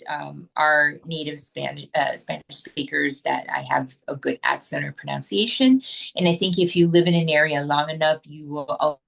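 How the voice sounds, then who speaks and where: A woman from the United States talks through an interview in a fairly low voice, candid and rambling, with plenty of fillers and restarts. She sounds like she's on a video call. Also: vocal fry, a bit bright, low-quality recording. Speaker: actress, interview guest. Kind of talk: casual interview chat.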